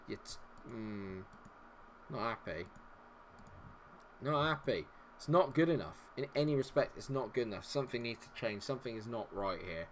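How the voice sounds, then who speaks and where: A man's voice: mid-range voice, animated, normal speed, long pauses, a little hiss or hum. A man giving live commentary on a football management game, frustrated and sarcastic, swearing often. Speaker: gaming streamer.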